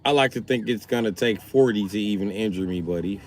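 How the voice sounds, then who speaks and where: A man's voice: on the low side, fairly quick, slight background noise. A man live streaming, telling stories in a casual, boastful way, full of swearing. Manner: profane, animated, boastful.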